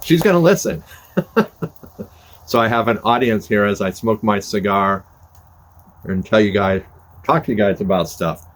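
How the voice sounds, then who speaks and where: A man's voice: fairly low pitch, moderate pace, pauses often. An older man, a podcast host, chatting casually and rambling in a folksy, self-deprecating way while sitting by a fire on his porch. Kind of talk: casual chat to camera. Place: front porch by a fire, outdoors. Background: fire crackling, passing cars.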